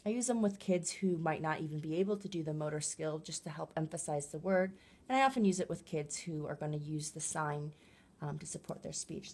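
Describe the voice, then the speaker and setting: Woman speech therapist; breathy and a little low-pitched, patient teaching tone. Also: a little mellow. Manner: clear, patient, demonstrative. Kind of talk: educational explainer talk.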